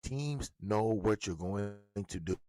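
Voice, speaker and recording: A man's voice: fairly low pitch, lively intonation, slow, warm tone, dry recording. A man ranting with profane, mocking, confrontational commentary about a football coach. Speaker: sports commentator.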